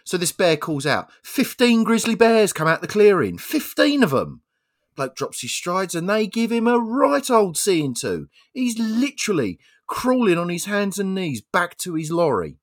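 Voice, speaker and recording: A man co-hosting a podcast, telling a long joke in casual chat with lively storytelling. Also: a little slow. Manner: lively storyteller, swings pitch widely. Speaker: podcast co-host.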